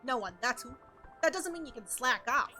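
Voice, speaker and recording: A woman voicing a brash older male gangster boss, reading game dialogue aloud with bossy, gruff wisecracks. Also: high voice, lively intonation, normal speed, bright, forceful tone, soft background music, full character voice.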